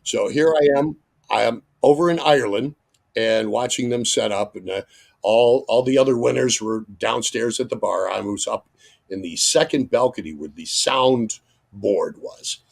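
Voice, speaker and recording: A middle-aged man, a radio host, telling an animated story as a guest and breaking into loud acted-out exclamations. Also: mid-range voice, moderate pace, creaky.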